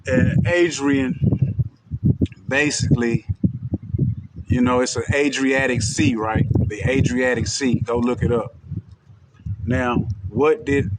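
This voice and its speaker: A man's voice: medium pitch, fairly even intonation, measured pace, pauses often, heavy background noise. A man from Texas with a country twang, talking casually and directly to his livestream viewers, with loose, street-casual phrasing. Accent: Texan. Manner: loose, street-casual and direct, with frequent "you know what I'm saying". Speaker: livestream host.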